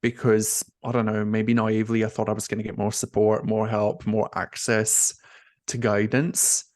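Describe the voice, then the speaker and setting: Recorded dry in a clean studio, this young man's low-leaning voice moves at a moderate pace. As a nurse coach being interviewed in a candid conversation, he's expressive and emotional, peppering his speech with "like" and "you know."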